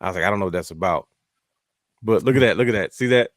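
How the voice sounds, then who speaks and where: A man co-hosting a wrestling podcast, telling stories in a lively way and acting out his own reactions. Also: lowish voice, fast, no room sound, clean studio sound. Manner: animated storyteller, acts out his own thoughts. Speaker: podcast co-host. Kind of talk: casual wrestling chat.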